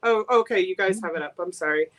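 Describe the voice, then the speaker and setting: A woman's voice: lowish voice, fairly bright tone. A woman from Boston chatting casually and enthusiastically as a guest seller on a live-stream sale. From Boston, USA. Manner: chatty and enthusiastic, quick giggles.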